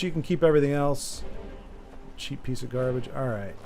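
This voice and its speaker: A man streaming a video game, giving live commentary in an excitable way and taunting the enemies aloud. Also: on the high side, moderate pace, pauses often, soft background music.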